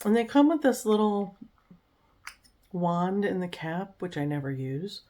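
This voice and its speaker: A woman chatting casually in a home vlog, relaxed and talkative, sometimes cooing to her dog. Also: mid-range voice, unhurried. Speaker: vlogger. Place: home, indoors.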